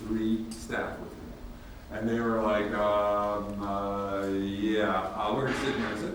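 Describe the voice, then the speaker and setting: A man presenting at a workshop, telling stories in a casual, animated way and acting out both sides of conversations. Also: lowish voice, slow, background noise. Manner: casual, animated, acts out dialogue. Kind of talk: storytelling workshop talk. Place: large room with audience. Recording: echoey hall from a distance, faint ambience.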